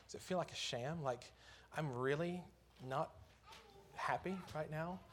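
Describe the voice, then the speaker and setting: A man's voice: a little high, unhurried, slight background noise. A man preaching a sermon in church, earnest and conversational, lifting his voice on key phrases.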